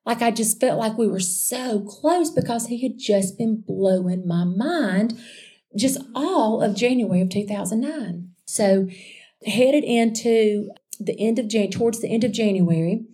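A woman sharing a personal faith testimony in a chatty, animated storytelling way, calling her listeners y'all. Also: fairly high pitch, measured pace. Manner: chatty and animated, addressing listeners as y'all, with frequent restarts and asides.

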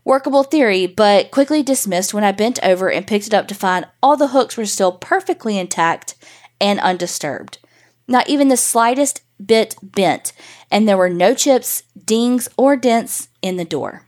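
A woman reading a listener's ghost story aloud with casual, swear-laden energy. Her voice sits in a middle pitch, and she tells the story in the first person, animated and loose. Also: normal speed.

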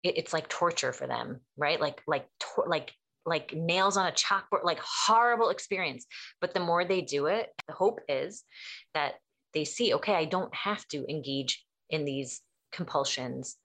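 A woman with a low voice talks through mental health topics in a relaxed, conversational way. She tells anecdotes and jumps into quoted dialogue with lively shifts. She sounds like a therapist sharing her experience. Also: measured pace. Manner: animated storyteller acting out quotes. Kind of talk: casual explanatory chat.

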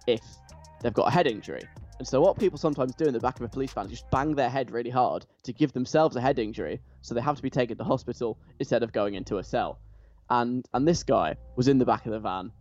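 A man's voice: mid-range voice, animated, fast talker, darkish tone. Chatty radio host, a man. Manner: chatty, enthusiastic. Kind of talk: casual radio chat. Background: faint music.

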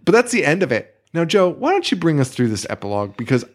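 A man's voice: fairly high pitch, quick pace. A man co-hosting a podcast, talking casually and ranting with a lot of swearing. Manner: profane, ranting, animated. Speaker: podcast co-host. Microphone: studio microphone.

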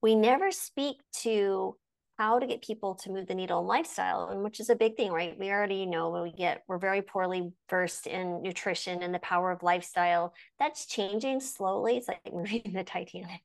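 A woman's voice: mid-range voice, brisk, vocal fry. A woman in her forties, a physician hosting an interview, talking earnestly and telling stories in a conversational way. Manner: earnest, storytelling with quoted voices. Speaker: physician and podcast host.

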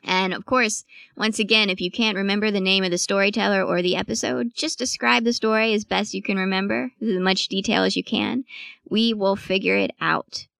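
A woman host reading guest credits and show announcements in a brisk, scripted way. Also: medium pitch, fairly even intonation, vocal fry, fairly bright tone, smooth, dry recording, studio quality. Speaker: podcast host.

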